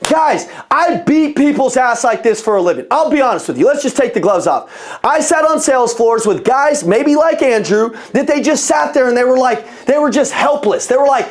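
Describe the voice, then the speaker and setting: A man with a notably high voice leads a motivational sales training over a video call. He talks bluntly, swears freely and keeps the energy fired up as he pushes his listeners to outwork everyone. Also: lively intonation, normal speed. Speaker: sales coach.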